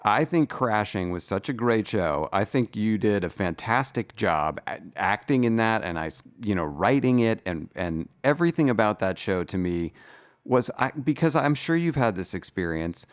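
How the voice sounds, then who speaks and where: Man, comedy podcast host, casual rambling chat, rather low voice. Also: expressive, normal speed, clear, resonant tone. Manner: rambling, enthusiastic, swears casually.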